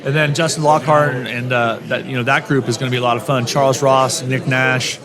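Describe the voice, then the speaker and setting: A middle-aged college football head coach appears as a radio interview guest, with crowd noise in the background. His mid-range voice keeps a fairly even intonation as he talks upbeat in quick bursts, often restarting his sentences.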